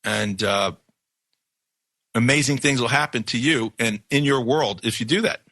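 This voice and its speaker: A man's voice: medium pitch, moderate pace, bright, forceful tone, dry recording. A man from New York hosting a radio news show, talking in an emphatic, rambling monologue with many restarts. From New York, USA.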